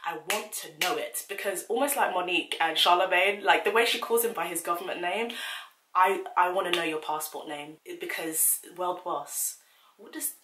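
Woman, 20s, candid YouTube commentator; slightly low voice, roomy echo. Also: moderate pace, slight background noise. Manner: chatty, frank, animated retelling. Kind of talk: casual commentary vlog.

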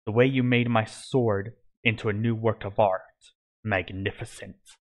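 A man's voice: fairly low pitch, fairly even intonation, a little slow. A man doing a growling evil god of corruption. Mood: gloating. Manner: growling, menacing.

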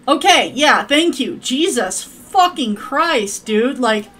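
A woman's voice: high voice, expressive, slow pace, hardly any pauses, sharp tone, slightly rough. A woman streaming a game, rambling to her viewers and cursing at her characters in crude, profane chat. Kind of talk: casual gameplay commentary.

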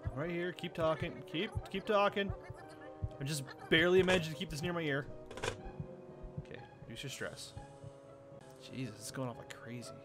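A young man commenting on a game as he plays, excitable, swearing and laughing often. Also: a little high, normal speed, long pauses. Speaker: gaming video host. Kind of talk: let's play commentary. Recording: game music playing behind.

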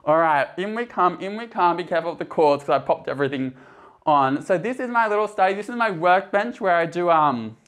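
A man's voice: sits high, expressive, brisk, a bit bright. A chatty, bubbly young man giving a casual tour of his small apartment, recorded on a handheld camera. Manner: chatty and bubbly, lots of fillers. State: a bit out of breath. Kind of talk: casual vlog chat.

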